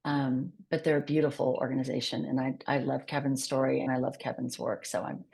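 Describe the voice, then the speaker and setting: Woman w/ a low voice telling a story on a podcast, animated, does the quotes. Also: fairly quick, vocal fry, few pauses, breathy edge. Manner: animated, acts out quoted dialogue. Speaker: podcast guest, charity founder. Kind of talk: conversational storytelling.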